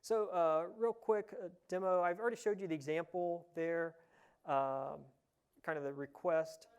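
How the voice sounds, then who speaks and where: A man from Ohio, giving a casual conference tech talk, relaxed and chatty with lots of "uh" fillers. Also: on the high side, a little slow, clear, resonant tone. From Ohio, USA. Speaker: conference presenter. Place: conference session room.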